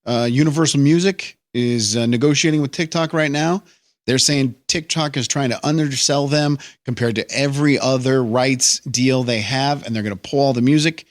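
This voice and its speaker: A man's voice: medium pitch, normal speed. Easygoing man bantering as podcast co-host. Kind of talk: casual chat.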